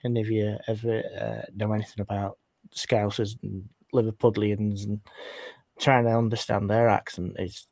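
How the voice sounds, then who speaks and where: A man's voice: on the low side, little pitch movement, moderate pace, vocal fry, darkish tone, no room sound. A man with a northern English accent, a guest on a podcast call, chatting with trailing restarts. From England. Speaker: guest cryptid investigator. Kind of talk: casual podcast chat.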